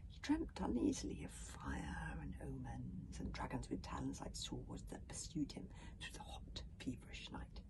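Storybook reader: woman, hushed dramatic delivery, animated pitch. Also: normal speed, gravelly, whispered, poor audio. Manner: dramatic, often dropping to a hush. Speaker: author reading her book. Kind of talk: storybook reading.

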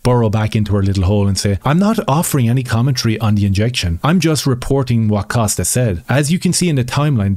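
A man's voice: mid-range voice, a little mellow, no echo, clean studio sound. A man hosting a commentary channel, talking in a combative, sarcastic way with mocking rhetorical questions. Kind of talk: opinionated commentary over screen reading.

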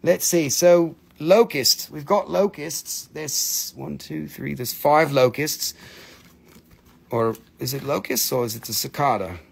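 A man's voice: on the high side, takes it slowly, gravelly, slightly rough. A man chatting through a live sales stream of crystals, playful and joking, slipping into put-on broken-English voices.

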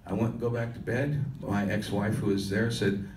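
A man's voice: fairly low pitch, steady tone, normal speed, a little mellow, a little hiss or hum. An older man, a musician, telling a rambling story to an audience at a live question-and-answer session. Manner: loose, rambling storyteller with restarts. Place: conference hall. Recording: echoey hall, heard from far off.

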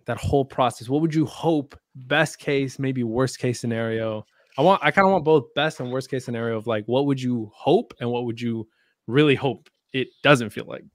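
A man's voice: medium pitch, normal speed, no room sound, clean studio sound. A man co-hosting a casual livestreamed podcast, thinking aloud in a loose, hesitant, profane way. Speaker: podcast co-host posing the question.

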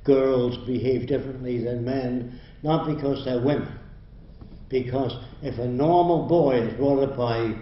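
A man's voice: medium pitch, slight background noise. An older man giving a university lecture in a blunt, emphatic, lecturing manner. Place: lecture hall. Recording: roomy, dull lo-fi hall recording.

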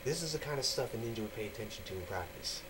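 A man's voice: medium pitch, animated, rapid-fire, noisy background. A man from the United States giving a casual, rambling explanatory talk for his video channel, full of fillers and restarts. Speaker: vlogger.

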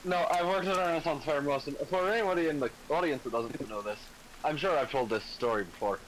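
A man's voice: on the high side, quick pace, a little hiss or hum, rough recording. A man chatting casually while gaming, a jokey storyteller. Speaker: co-player guest.

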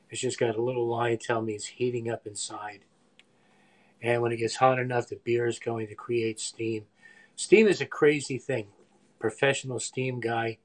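A man in his sixties chatting in a rambling, meandering way while cooking live in his home kitchen, often trailing off into mumbled asides. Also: medium pitch. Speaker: live-stream cook. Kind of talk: rambling live-stream chat.

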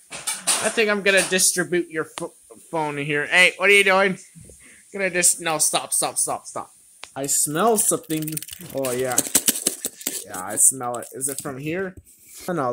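A woman play-acting toy characters in turn, bursting into giddy shrieks of excitement. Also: deep voice, background noise.

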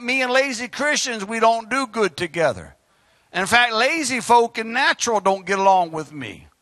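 A man preaching a fiery, exhorting sermon as pastor, swinging between shouts and quiet asides. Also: extremely high pitch, dry recording, studio quality.

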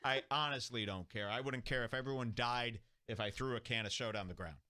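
Male comedy host: sarcastic, jokey, bright tone, dry close sound. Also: medium pitch, fairly quick, no room sound. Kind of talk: mocking commentary over a clip.

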